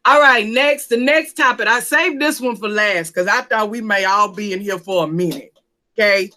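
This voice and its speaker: A woman's voice: medium pitch, moderate pace, bright, forceful tone. A woman hosting a church panel talk, playful and coaxing as she calls out to the audience.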